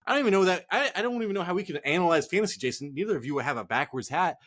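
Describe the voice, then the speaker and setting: A man's voice: high-pitched, expressive, rapid-fire, a bit bright. A man co-hosting a fantasy football show, ranting casually with heated swearing. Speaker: fantasy football podcast co-host. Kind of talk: casual profane rant.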